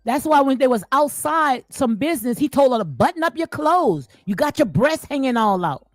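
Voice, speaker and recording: High-voiced woman ranting blunt, aave slang, dry close mic, faint music behind. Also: animated, normal speed, no echo. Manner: blunt, preachy, repeats herself, slangy. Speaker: commentary channel host. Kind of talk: casual reaction commentary.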